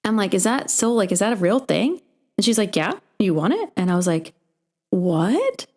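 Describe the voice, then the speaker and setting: A young woman hosting a podcast, telling a long story in a casual, animated way and acting out the voices of the people in it. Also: medium pitch, fairly quick. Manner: animated, acts out quoted voices in her stories. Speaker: podcast host.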